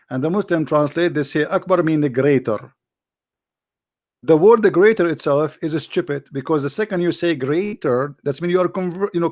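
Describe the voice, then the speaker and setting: Stammering mocking man. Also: fairly high pitch. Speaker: live debate show host. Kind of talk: live call-in debate.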